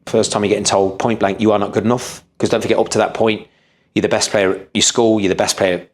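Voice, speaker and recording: Podcast guest, man, 30s, lowish voice, earnest storyteller who restarts sentences. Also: level tone, fast. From England. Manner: earnest, frequent restarts and repeated words. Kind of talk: storytelling interview.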